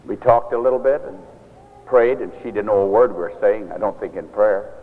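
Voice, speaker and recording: A minister telling a story in a sermon, earnest and measured, often quoting scripture. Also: male voice, lowish voice. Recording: tinny lo-fi recording in an echoey hall.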